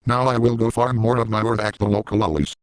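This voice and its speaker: Guy doing a crude bragging cartoon dad, lowish voice, dry close mic. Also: fast, no room sound, close to an everyday voice, rough recording. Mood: hyped. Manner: crude, boastful, deadpan. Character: crude, boastful middle-aged cartoon dad. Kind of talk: parody voice acting.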